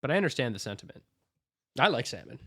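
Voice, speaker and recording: A young man co-hosting a podcast, telling playful stories and trading deadpan comebacks. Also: mid-range voice, fast talker, slightly rough, no echo, studio quality. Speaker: podcast co-host. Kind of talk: casual chat.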